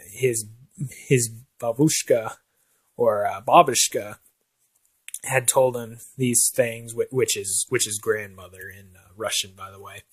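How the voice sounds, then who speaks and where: Guy doing a rambly nervous stand-in host, stumbles over every word, mid-pitched voice. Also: close to an everyday voice. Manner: hesitant, stammering, full of fillers and restarts. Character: rambling nervous brother filling in as talk show host. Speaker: stand-in talk show host. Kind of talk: amateur comedy sketch.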